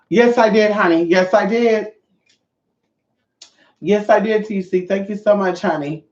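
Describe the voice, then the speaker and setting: A man's voice: high voice, moderate pace, darkish tone, echoey room, highs cut off. A sassy man chatting casually on a livestream, swearing freely and greeting viewers by name. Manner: sassy, profane, chatty, reads viewer comments. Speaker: vlogger.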